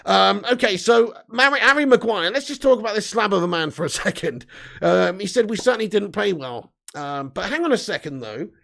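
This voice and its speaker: A man in his thirties hosting a live football fan stream, joking, laughing and shouting out viewers. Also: sits high, animated, fairly quick, gravelly. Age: 30s. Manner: laughing, jokey, loud shout-outs. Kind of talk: casual live-stream banter.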